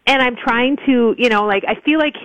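A woman calling in to an advice show, describing a problem in a quick, worried way full of "like" and "I feel like.". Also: fairly high pitch, a bit bright, dry recording. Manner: fast, worried, lots of "like" and "I feel like". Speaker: caller. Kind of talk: phone call to an advice show. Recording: muffled lo-fi phone line.

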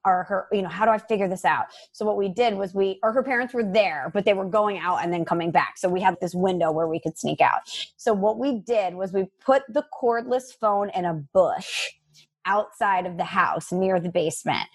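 Podcast co-host, woman, 30s, animated storyteller, mid-range voice. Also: mid-range voice. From US Midwest. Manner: lively storyteller, acts out quotes. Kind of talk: casual chat, storytelling.

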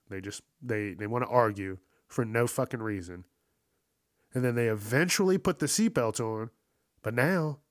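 A man's voice: mid-range voice, dry recording. A man in a mid-range voice tearing through a news story with constant swearing. He gets heated and acts out the people in it. The sound is close and dry, with no room around it. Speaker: news commentary host. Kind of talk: profane casual commentary.

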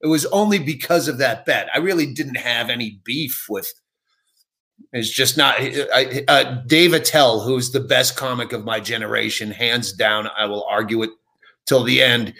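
A man's voice: mid-range voice, moderate pace. A middle-aged man, a comedian, telling profane stories in a casual podcast interview. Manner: profane, animated anecdotes. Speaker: comedian guest.

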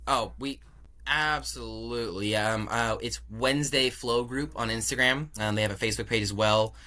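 Young male guest, bright voice; animated, chatty anecdote teller who acts out dialogue. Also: medium pitch, moderate pace. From California. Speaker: podcast guest. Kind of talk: casual storytelling interview.

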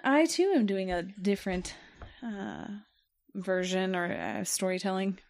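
A woman's voice: medium pitch, little pitch movement, a little slow, vocal fry, darkish tone. A woman co-hosting a true crime podcast, telling a story in a chatty, hesitant way with many fillers. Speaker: podcast co-host. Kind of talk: casual true crime chat.

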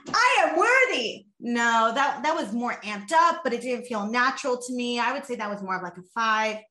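Bright-voiced energetic woman coach. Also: on the high side, fairly quick, roomy sound. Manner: energetic, demonstrates with body and voice. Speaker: guest coach. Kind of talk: explaining a coaching method.

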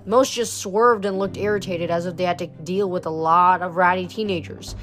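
A woman reading a novel aloud in a steady storytelling way. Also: lowish voice, normal speed, faint music behind. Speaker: reader.

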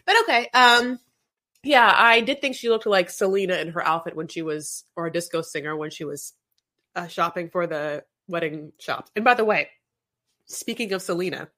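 A woman's voice: on the low side, moderate pace, bright, forceful tone. A woman co-hosting a podcast, chatting casually and animatedly, rambling and slipping into playful quoted voices. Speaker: podcast co-host. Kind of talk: casual chat recapping a reality show.

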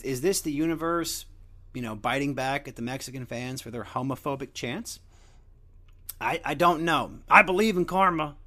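A man's voice: fairly high pitch, bright, forceful tone. A young man hosting a show, rambling through a crude, joking casual monologue. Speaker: podcast host.

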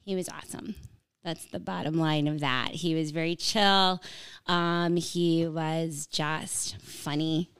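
A woman's voice: low voice, slow pace, clear, resonant tone. A middle-aged woman guest in a podcast studio, telling stories in casual chat and laughing often. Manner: animated storyteller, laughs often.

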